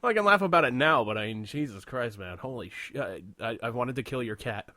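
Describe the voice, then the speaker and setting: A man's voice: mid-range voice, lively intonation, a little fast, crowd noise. A man co-hosting a podcast, telling a crude story in casual chat with plenty of laughter. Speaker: podcast co-host.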